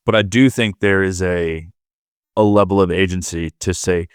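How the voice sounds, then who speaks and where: A man's voice: deep voice, steady tone, normal speed, clean tone, no echo, studio quality. A man co-hosting a leadership podcast, thinking aloud in a loose, conversational way with lots of fillers. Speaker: podcast co-host.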